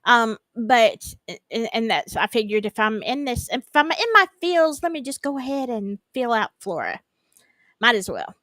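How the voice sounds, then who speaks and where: A woman's voice: on the high side, sing-song, normal speed, a bit bright, dry recording. Southern lady rambling on her livestream, voice bouncing all over, dry close mic. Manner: chatty, rambling, greets viewers by name. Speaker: true-crime livestream host. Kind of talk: casual livestream chat.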